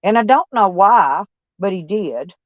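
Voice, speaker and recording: A woman's voice: mid-range voice, lively intonation, unhurried, no room sound, dull audio. A woman chatting casually on a live stream, folksy and blunt, answering viewers' comments by name and swearing mildly. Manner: blunt, peppered with mild cursing.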